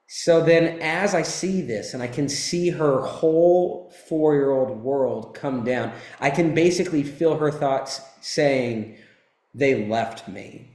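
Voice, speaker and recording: A man's voice: on the high side, slow pace, few pauses, darkish tone, echoey room. A man in his thirties giving an intense, emphatic motivational talk, telling a personal story and swearing freely. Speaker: motivational speaker.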